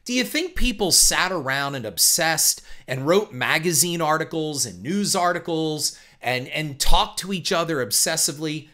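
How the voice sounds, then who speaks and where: A man's voice: normal speed, hardly any pauses. A man hosting a solo podcast, talking emphatically and opinionatedly with some fillers. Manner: opinionated and emphatic, with animated pitch swings; uses uh fillers and restarts, ranting. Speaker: podcast host.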